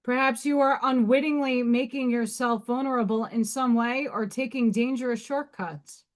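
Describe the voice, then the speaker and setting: A woman's voice: a little high, steady tone, moderate pace. A woman in her thirties hosting a casual livestream, chatting bluntly and reading rune meanings aloud. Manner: blunt, swearing, laughing asides. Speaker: livestream host.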